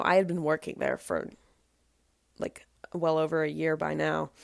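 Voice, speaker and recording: Chatty teen woman with a gravelly voice. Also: on the low side, no room sound, studio quality. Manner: chatty, lots of "like" and restarts. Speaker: spin instructor. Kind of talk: casual storytelling vlog.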